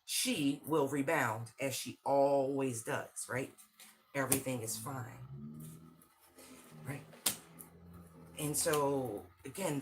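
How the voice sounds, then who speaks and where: An intense, slangy tarot reader giving a livestream reading and talking straight to viewers. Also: mid-range voice. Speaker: tarot and channeled-message reader.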